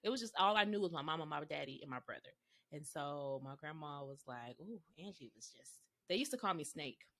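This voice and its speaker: Bright-voiced Texas-born woman telling stories. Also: low-pitched, brisk. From Texas, USA. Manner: animated, laughing, slips into voices for quotes. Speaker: podcast co-host. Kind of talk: casual storytelling chat.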